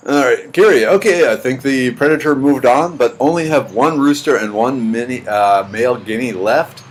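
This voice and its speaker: A man with a mid-range voice hosts a casual live stream from home at a moderate pace, reading chat, greeting viewers by name and rambling with dry jokes. He's using his computer's built-in mic rather than his usual one, and there's slight background noise.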